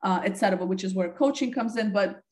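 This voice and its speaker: Female interview guest, conversational, mid-pitched, restarts phrases. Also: quick pace, a little mellow. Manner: thoughtful, restarts phrases often. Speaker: podcast guest, talent development head.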